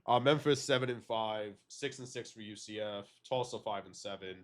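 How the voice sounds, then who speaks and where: A man with a cold, reacting to simulated game results in an excitable, disbelieving way and swearing often. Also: on the low side, moderate pace. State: has a cold. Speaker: gaming video creator.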